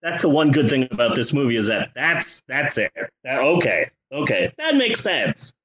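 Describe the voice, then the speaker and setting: A man's voice: medium pitch, very animated, normal speed, fairly bright tone, low-quality recording. A man co-hosting a podcast, reviewing a film in casual chat with sarcastic, profane remarks. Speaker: podcast co-host.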